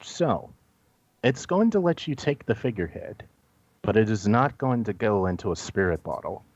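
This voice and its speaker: A man narrating a tabletop game as game master in a measured, descriptive way. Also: on the low side, big pitch swings, darkish tone, dry recording, lo-fi sound.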